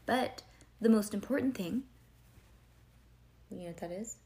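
A woman's voice: medium pitch, measured pace, dark tone. Woman, storybook reader at home; casual, chatty, keeps stopping the story for questions and asides, loose "like" and "um" fillers. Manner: conversational, quizzes the listener, digresses with "like" and "um". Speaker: parent reading a storybook aloud to a child.

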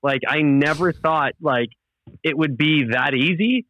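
A man's voice: fairly high pitch, a little slow, no echo. A young man, a podcast host, chatting casually in a laid-back, rambling way with lots of fillers and swearing. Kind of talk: casual chat. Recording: muffled lo-fi audio.

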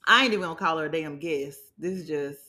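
A woman's voice: deep voice, quick pace, pushed and bright. A woman hosting a casual podcast chat, playful and laughing often. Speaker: podcast host. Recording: echoey room.

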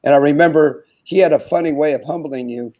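A man's voice: on the high side, brisk, dull audio. A man in his sixties, a former college basketball player, telling stories in an interview and acting out the dialogue with laughter. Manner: animated storyteller who acts out quoted dialogue and laughs often. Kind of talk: anecdotal storytelling in an interview.

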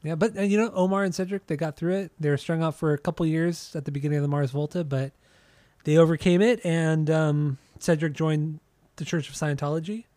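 A man's voice: fairly high pitch, steady tone, brisk, warm tone, no echo, clean studio sound. A man co-hosting a podcast, rambling and swearing in casual chat about music. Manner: rambling, profane, with frequent restarts. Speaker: podcast co-host.

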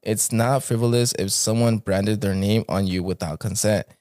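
A man's voice: on the low side, steady tone, moderate pace, a little mellow, dry recording, studio quality. A man hosting a podcast, reading stories aloud in a laid-back, casual way and swearing freely.

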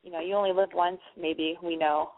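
A woman's voice: on the low side, steady tone, brisk. A woman host giving rambling, reassuring advice to a caller on an advice show, often repeating herself. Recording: phone-line sound, narrow band.

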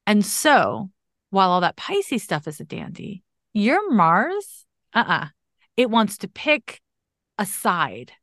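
A woman hosting a podcast, giving an animated and emphatic astrology reading in a casual, conversational way. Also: mid-range voice, slow, no room sound, clean studio sound.

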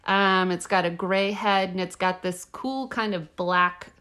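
A woman guest expert in casual podcast chat, excitable and quick to laugh and exclaim. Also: lowish voice, clear, resonant tone.

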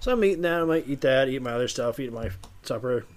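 Male co-host, mid-pitched, casual storyteller who swears and laughs a lot. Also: expressive, fast talker. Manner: storytelling, profane, laughs often. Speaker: podcast co-host. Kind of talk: casual chat.

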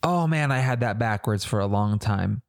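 A man's voice: on the low side, expressive, moderate pace, creaky. A man hosting a faith-based leadership podcast, talking earnestly and conversationally and asking the listener searching questions. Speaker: church leader podcast host. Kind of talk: reflective podcast teaching.

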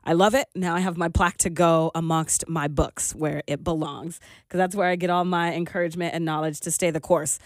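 A woman's voice: on the low side, steady tone, a little fast, hardly any pauses, dry recording. Woman radio host, dry close mic. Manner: emotional, laughing through tears. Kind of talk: radio show chat. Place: radio studio.

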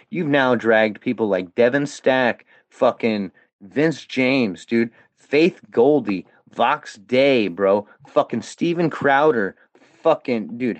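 A man's voice: medium pitch, dry recording, muffled recording. A man on a heated, profane, defiant rant as a podcast guest. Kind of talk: angry rant.

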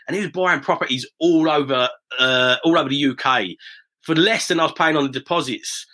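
A middle-aged man talks quickly in a bright, slightly husky voice. He tells stories in a casual, anecdotal way and slips into the voices of people he quotes. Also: on the high side. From south-east England, near Romford. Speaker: property investor, guest. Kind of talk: casual storytelling interview.

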